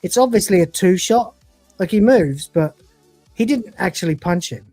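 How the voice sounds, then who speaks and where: A woman's voice: medium pitch, expressive, moderate pace, warm tone, breathy edge, dry recording, faint music behind. A woman co-hosting a casual livestream review, retelling scenes and acting out the characters' lines with put-on voices. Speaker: podcast co-host reviewing episodes.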